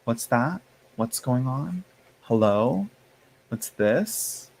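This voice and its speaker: Man, middle pitch, tired, yawning, rambling, sassy, casual live-stream chat, faint background noise. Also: sing-song, very slow, gravelly, a little mellow. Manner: rambling, chatty, with many fillers and restarts; playful sass, addresses chat as y'all and honey. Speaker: tarot streamer.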